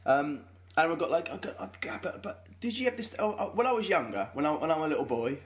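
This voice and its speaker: A man's voice: on the high side, sing-song, quick pace. A young man co-hosting a podcast, chatting casually, rambling and self-mocking, often laughing at his own jokes. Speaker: podcast co-host. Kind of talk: casual comedic chat.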